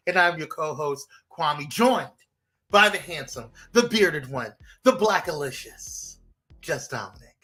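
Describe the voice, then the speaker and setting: Young guy co-hosting a live show, bright punchy voice, lots of ums and laughs, bit of music behind. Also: a little high, moderate pace. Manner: energetic, laughing, loose with fillers. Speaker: co-host. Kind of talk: casual live podcast chat.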